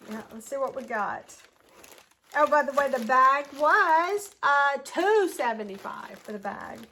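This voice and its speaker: A woman's voice: high-pitched, lively intonation, measured pace, pushed and bright. A woman, chatting casually as she unboxes a thrift haul and gushes over each piece. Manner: gushing, chatty, talks to the ornaments.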